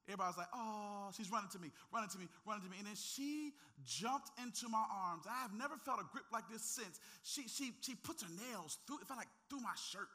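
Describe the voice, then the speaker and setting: A man preaching a sermon, swinging between hushed asides and impassioned, near-shouted stretches, teasing and talking directly to the congregation. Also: sits high, fast talker, hardly any pauses. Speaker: pastor.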